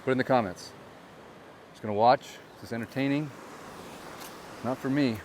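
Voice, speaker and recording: A man's voice: medium pitch, moderate pace, a little mellow, slight background noise. A man filming a handheld walk-and-talk vlog outdoors by the shore, speaking bluntly and with frustration straight to his viewers. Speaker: vlogger and real estate agent. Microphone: handheld camera on a gimbal.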